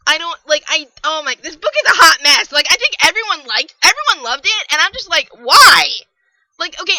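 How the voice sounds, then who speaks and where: A young woman reviewing a book on a podcast, ranting in an exasperated, animated way and swearing freely. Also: high-pitched, dry recording, low-quality recording.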